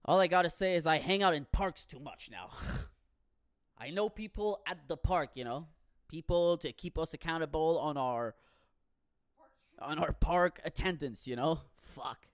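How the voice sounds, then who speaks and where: A man in a profane comic rant, animated and swearing, with bursts of shouting. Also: a little high, measured pace, no echo, studio quality.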